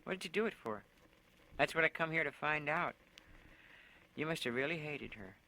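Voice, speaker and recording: A man reading a calm, probing psychotherapist. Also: on the high side, moderate pace, slight background noise, low-quality recording. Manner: calm and even, softly questioning.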